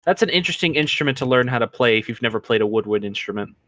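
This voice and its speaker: A man's voice: mid-range voice, expressive, rapid-fire, pushed and bright, dry recording. A man game master chatting casually at a break, with dry, wry humor.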